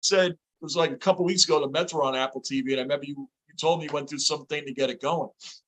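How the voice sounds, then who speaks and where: High, bright-voiced grumbling male host. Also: steady tone, rapid-fire, poor audio. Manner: grumbling, complaining about the game. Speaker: livestream host. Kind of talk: casual fan chat.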